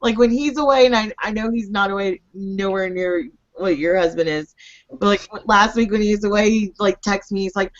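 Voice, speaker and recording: A woman with a mid-pitched voice, chatting casually and supportively with a friend. She sounds sympathetic and easygoing. The recording is dull and lo-fi. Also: moderate pace. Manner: sympathetic, laughs along. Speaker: podcast co-host.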